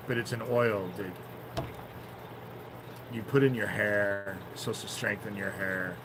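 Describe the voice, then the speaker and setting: A man talking on a phone livestream in a rambling, profane way that flares into angry shouting. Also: on the low side, fairly even intonation, a little slow, long pauses, noisy background. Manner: rambling, swears often, flares into shouting anger. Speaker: livestream host. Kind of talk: casual livestream talk.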